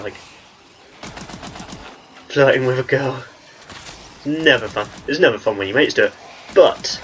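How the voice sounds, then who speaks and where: A man's voice: mid-range voice, a bit bright, slight background noise, low-quality recording. A young man with an English accent, talking in a rambling, chatty way as he commentates on his gameplay. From England. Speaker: gaming channel host.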